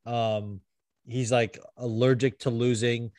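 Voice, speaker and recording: Man, podcast host, casual chat, rambling, frequent laughs, mid pitch, dry sound. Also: little pitch movement, slow, a little mellow, dry recording. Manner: rambling, laughs often, swears.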